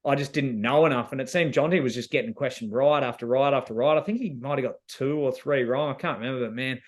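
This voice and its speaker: An Australian man recounts his time as a reality show contestant in a relaxed, slang-filled ramble. His pitch sits in an ordinary middle range. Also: fast. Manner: laid-back, slangy storytelling with many fillers. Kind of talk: casual interview answers.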